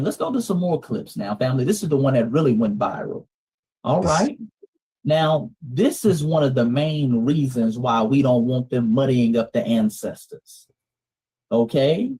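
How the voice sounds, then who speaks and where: A man's voice: medium pitch, animated, measured pace, warm tone, husky, low-quality recording. A man from Atlanta with a Southern US accent, hosting a clip commentary stream in an emphatic, repetitive way that speaks straight to his audience. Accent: Southern US (Georgia). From Atlanta, Georgia, US. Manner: emphatic, repeats lines, calls out to the audience. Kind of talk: livestream commentary on clips.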